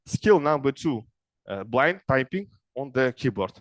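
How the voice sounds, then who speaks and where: A middle-aged man from Kazakhstan, giving an informal lecture in broken English to young people and often checking in with a quick "yes?". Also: mid-range voice, sing-song, no room sound. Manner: broken English, frequent "yes?" tag questions. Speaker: speaker advising young people.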